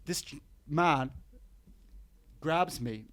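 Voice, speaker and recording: A man's voice: on the high side, extremely slow, dry recording. A man from Cork with an Irish accent, a podcast guest telling stories with lots of swearing and acted-out quotes. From Ireland. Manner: lively storyteller, swears a lot, acts out quotes. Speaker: podcast guest, clown teacher. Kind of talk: casual podcast chat.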